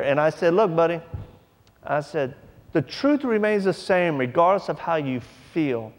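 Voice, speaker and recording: Male preacher, fairly high gravelly voice, folksy animated storytelling, echoey hall. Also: normal speed, pauses often. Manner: animated, acts out voices in his stories; folksy, drawling informal speech. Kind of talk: sermon storytelling.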